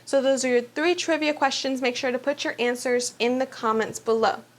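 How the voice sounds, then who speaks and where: A woman's voice: high voice, fairly even intonation, moderate pace. A woman reading a children's novel aloud for a youth book club, with small slips and restarts, then asking trivia questions.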